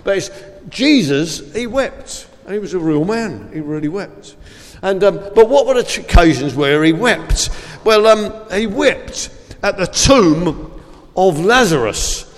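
A man's voice: sits high, expressive, unhurried. Man, school assembly speaker: informal and rambling, reads from scripture; long hall reverb. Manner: chatty and rambling, with many fillers and restarts. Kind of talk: informal assembly talk with Bible reading.

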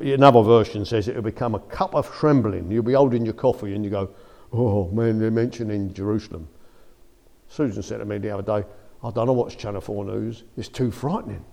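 A man's voice: mid-range voice, creaky, dark tone. A man giving an informal, conversational sermon that rises to emphatic outbursts. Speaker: preacher.

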